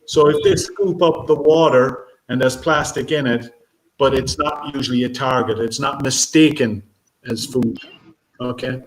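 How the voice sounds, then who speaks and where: A man giving a conference talk as a marine biologist, speaking haltingly with many fillers and restarts. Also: mid-range voice. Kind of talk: conference talk answering questions. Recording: echoey room, faint noise.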